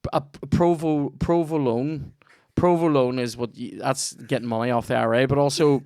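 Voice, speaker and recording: Sweary Northern Irish comic host. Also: male voice, mid-range voice, fairly even intonation, moderate pace, darkish tone, clear, resonant tone, no echo, studio quality. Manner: sweary, jokey, chatty. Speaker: comedy podcast host. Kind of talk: rambling comic ad read.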